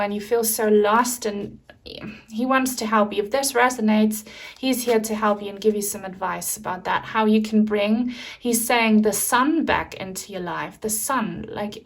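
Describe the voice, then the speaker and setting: Soft-spoken, emotional woman reading tarot. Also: medium pitch. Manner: soft-spoken, moved, with many pauses and fillers. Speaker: tarot reader. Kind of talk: pick-a-card tarot reading to camera.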